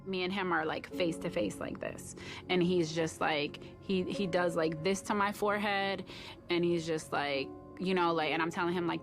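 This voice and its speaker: A woman's voice: fairly low pitch, steady tone, moderate pace, music in the background. A woman in her thirties or forties, a former personal chef, recounting her experience earnestly in a documentary interview. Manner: earnest, vivid storytelling with acted-out quotes. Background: clear documentary score.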